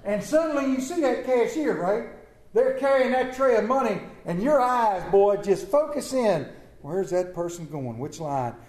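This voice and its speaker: A man's voice: high voice, lively intonation, normal speed, darkish tone, echoey room, rough recording. A man preaching a sermon, reading scripture and telling stories with emphatic calls to his congregation. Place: church.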